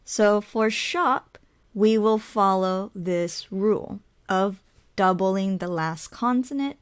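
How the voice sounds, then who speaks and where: Woman ESL teacher, very slow measured delivery, mid pitch, step-by-step explainer. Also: smooth. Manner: spells out letters, asks and answers her own questions.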